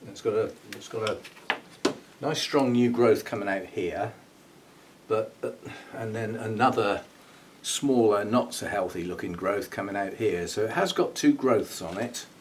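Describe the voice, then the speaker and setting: A man's voice: lowish voice, a little slow, recorded from a distance, poor audio. A man hosting his own channel, talking casually through a hands-on job, musing aloud and chuckling at himself as he goes. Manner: chatty, muses aloud while working, chuckles at himself. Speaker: orchid grower and channel host. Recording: faint background noise, speaking away from the mic.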